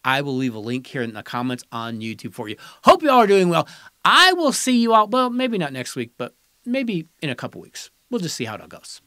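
A man's voice: a little high, huge pitch swings, a little fast, bright, forceful tone, no room sound, studio quality. A man hosting a podcast, giving casual, sarcastic and dismissive opinion commentary. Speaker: podcast host.

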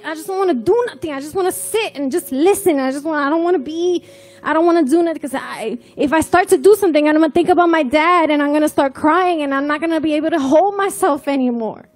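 A woman giving a personal testimony, telling her story with animation and acting out the dialogue. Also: very high-pitched. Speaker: testimony speaker.

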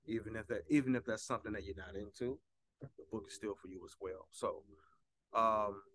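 Male teacher, bright tone, loose and chatty, slows right down to read the Hebrew, dry close mic. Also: on the low side, no room sound. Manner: relaxed, loose delivery with many fillers; slow, careful reading of Hebrew prayer. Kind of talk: casual spoken lesson.

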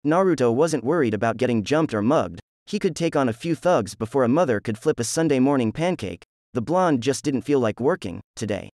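A man's voice: mid-range voice, animated, a little fast, a little mellow, no room sound, clean studio sound. A man narrating a fan fiction story in a crude, jokey storytelling manner.

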